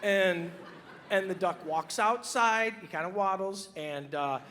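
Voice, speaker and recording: A man's voice: high-pitched, measured pace, bright, forceful tone, slight background noise. A comedian doing a middle-aged mother who tells a joke, scatterbrained and digressive, constantly losing the thread and wandering off topic. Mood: flustered.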